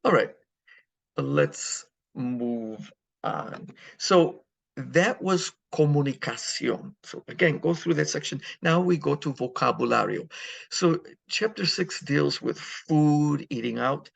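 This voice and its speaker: Man, gravelly voice, language teacher, relaxed and halting, lots of fillers. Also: on the high side. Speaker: Spanish teacher. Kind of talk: recorded language lecture.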